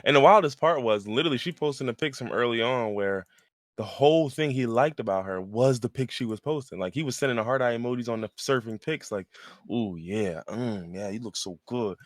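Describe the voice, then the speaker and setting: A young man co-hosting a casual podcast, animated and laughing often, reading out posts in mocking voices. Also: medium pitch, fast talker, no echo, clean studio sound. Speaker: podcast co-host. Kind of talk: casual chat.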